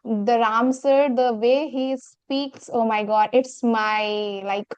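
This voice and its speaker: A woman's voice: on the high side, steady tone, takes it slowly, a little mellow, clean tone, no echo. A woman in a casual English practice chat, earnest and talking in long searching sentences. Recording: dull, muffled sound.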